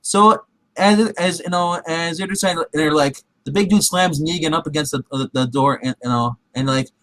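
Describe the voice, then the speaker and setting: Casual recap host, male, a bit high-pitched, rambling delivery full of restarts, close dry sound. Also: moderate pace, fairly bright tone, dry recording. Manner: rambling, heavy with fillers and restarts; acts out characters' quotes in his retelling.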